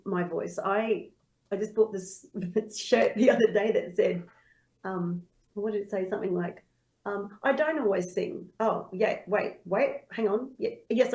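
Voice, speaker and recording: A woman's voice: medium pitch, a little mellow, rough recording. A woman who is a singer and singing teacher, telling her story in a casual interview and acting out her own past thoughts.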